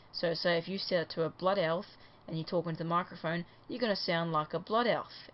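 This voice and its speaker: A woman casually explaining a product in a relaxed way, with many fillers. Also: on the low side, slight background noise. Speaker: product reviewer. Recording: muffled lo-fi headset mic.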